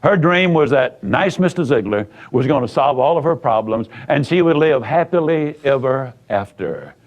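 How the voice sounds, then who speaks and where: An American man who works as a motivational speaker tells folksy stories in an emphatic way, using repetition and acting out dialogue. His mid-range voice is expressive and moves at a moderate pace, though the recording has its highs cut off.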